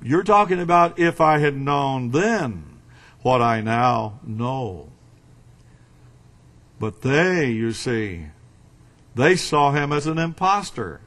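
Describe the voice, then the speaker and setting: A man preaching a sermon in a slow, emphatic way, with dramatic swings between loud and quiet. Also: medium pitch, lively intonation.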